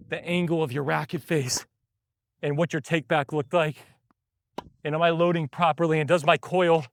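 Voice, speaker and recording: Breathless man coaching tennis mid-rally. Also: high voice. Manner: explains while hitting, short bursts between shots. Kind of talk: on-court tennis lesson while rallying. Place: outdoor tennis court.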